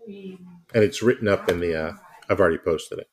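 A man's voice: on the low side, sing-song, brisk. A man co-hosting a casual podcast, rambling and self-mocking as he talks. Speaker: podcast co-host.

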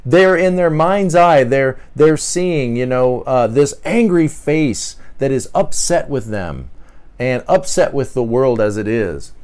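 A man's voice: medium pitch, darkish tone. A man hosting a podcast, talking through a personality topic in an earnest, casual teaching monologue, often repeating words and briefly acting out the voices he quotes. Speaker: podcast host.

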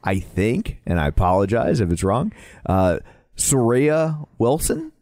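A playful man co-hosting a podcast whose pitch moves around a lot. He agrees easily and slips into joking banter. His voice is recorded dry and close, with no room echo. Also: big pitch swings, moderate pace, darkish tone. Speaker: podcast co-host. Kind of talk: casual podcast chat.

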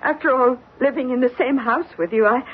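An actress playing a devoted, flustered housekeeper in a radio drama, tearful and apologetic. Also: female voice, sits high, brisk, husky. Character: fretful, devoted middle-aged female housekeeper. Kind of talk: 1950s radio drama acting. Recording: dull old radio recording with faint hiss.

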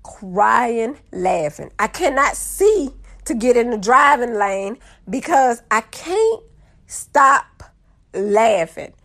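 A young woman, telling a funny story to her viewers in a lively, casual way. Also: on the high side, slow pace. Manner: animated, drawling, addresses audience as y'all.

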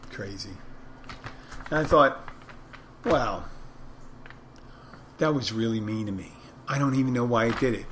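A man's voice: mid-range voice, fairly bright tone, a little hiss or hum. Rambling bartender man telling a story. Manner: rambling anecdotes, acts out dialogue. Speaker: bartender and podcast host. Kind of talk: casual storytelling monologue.

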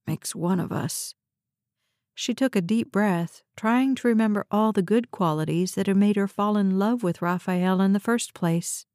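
A woman narrating a novel in a steady, even storytelling read, close to the mic. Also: mid-range voice, moderate pace, hardly any pauses, dry recording. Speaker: audiobook narrator. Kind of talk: scripted narration.

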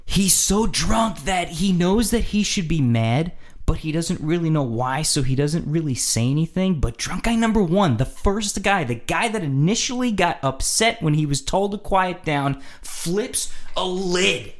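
Animated man telling a story. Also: fairly high pitch, a little slow. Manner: animated, acts out quotes, laughs often. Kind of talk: casual storytelling.

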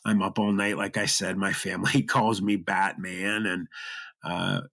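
Earnest man, lowish voice, choked up. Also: little pitch movement, unhurried, gravelly, a bit bright. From half Lebanese, half German Irish heritage. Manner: earnest, emotional, many restarts. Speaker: guest telling his story. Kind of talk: personal storytelling interview.

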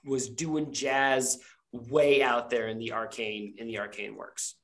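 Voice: medium pitch, little pitch movement, takes it slowly, a bit bright. A game master narrating a tabletop game, describing scenes in a rambling way full of fillers.

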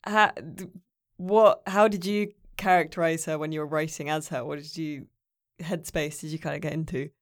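Smooth-voiced woman hosting a podcast. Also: sits low, steady tone, dry recording, studio quality. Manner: playful, teasing, quick to laugh along. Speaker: podcast host. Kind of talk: casual podcast chat.

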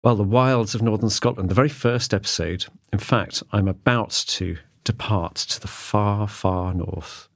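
A man's voice: fairly low pitch, measured pace, hardly any pauses, no echo. A man hosting a studio podcast in casual chat, jokey and rambling, often restarting sentences. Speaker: podcast host.

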